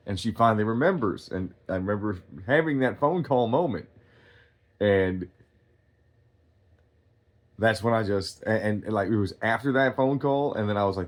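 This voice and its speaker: A man telling a rambling story in a casual, profane rant. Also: on the low side. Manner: profane, rambling storytelling, loud when reenacting quotes. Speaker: streamer.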